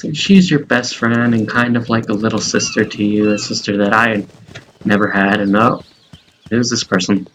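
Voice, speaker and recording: A man giving casual let's-play commentary on a fantasy game, relaxed and musing aloud. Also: lowish voice, normal speed, slight background noise, rough recording. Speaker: gameplay narrator.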